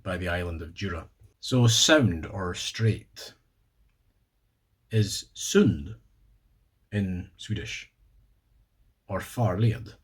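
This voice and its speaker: A Scottish man talks through a casual video explainer in a lowish, husky voice. He takes his time, spells words out letter by letter and drops in dry little jokes. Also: darkish tone. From Scotland. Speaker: video host.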